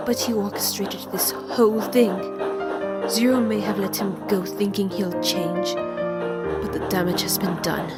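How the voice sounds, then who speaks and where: A woman voicing a gentle, devoted female train engine in a fan audio drama, speaking earnestly and with feeling. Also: medium pitch, close to an everyday voice. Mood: reflective. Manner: earnest and heartfelt, emotional. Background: music.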